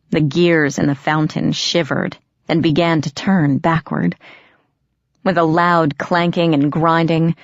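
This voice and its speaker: Slow, gravelly woman narrating a novel. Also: low voice, dry recording, dull audio. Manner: measured, unhurried storytelling. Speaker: audiobook narrator. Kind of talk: first-person novel narration.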